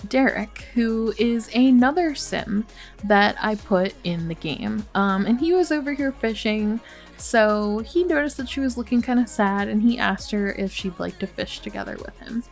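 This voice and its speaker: A woman hosting a game let's play, commenting casually and sympathetically, with many fillers. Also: medium pitch.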